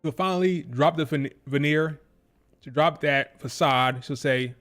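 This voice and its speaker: A man giving a casual live-stream review, animated and opinionated, who repeats his points for emphasis. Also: mid-range voice, normal speed, soft background music. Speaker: wrestling show reviewer.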